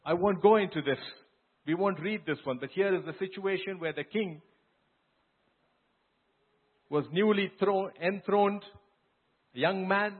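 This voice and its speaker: Husky-voiced pastor preaching over thin audio. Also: male voice, high-pitched, a little slow, phone-quality sound. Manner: storytelling preacher, earnest and emphatic. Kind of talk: sermon.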